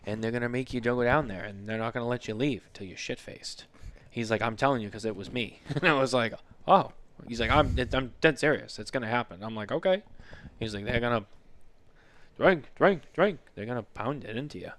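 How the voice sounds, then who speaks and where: A man's voice: mid-range voice, quick pace, fairly bright tone. Rambling, foul-mouthed podcast host man. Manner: rambling storyteller, swears freely. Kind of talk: casual chat.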